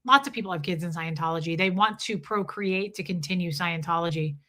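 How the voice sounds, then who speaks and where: Woman, livestream host, casual storytelling, emphatic, bright clear tone. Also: fairly low pitch, brisk. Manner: candid, emphatic.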